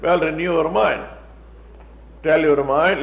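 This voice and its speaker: Slow, high-voiced man preaching. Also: expressive. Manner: repetitive, emphatic preaching with mocking asides. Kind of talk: sermon. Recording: dull, echoey room sound.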